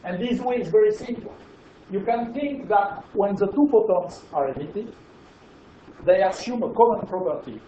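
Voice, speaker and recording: A man's voice: a little high, mellow, a little hiss or hum. A man with a French accent giving a physics lecture, explaining emphatically and checking in with the audience. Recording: roomy, dull lecture hall recording.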